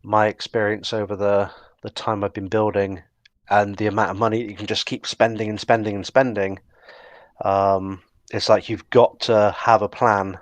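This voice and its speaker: A man's voice: on the low side, level tone, normal speed, no echo. A man, co-hosting a casual live podcast and rambling with lots of fillers and restarts. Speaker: co-host.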